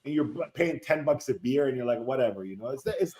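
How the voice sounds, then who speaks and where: A man's voice: medium pitch, quick pace, crowd noise. A man chatting casually on a podcast in a laid-back, shrugging way. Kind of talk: casual chat.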